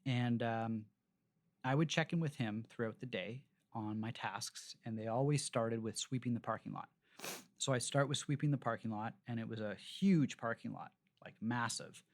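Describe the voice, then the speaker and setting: A man's voice: mid-range voice, moderate pace. A man, a restaurateur, telling long anecdotes as a podcast guest, casual and rambling with many fillers and restarts. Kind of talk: casual storytelling interview.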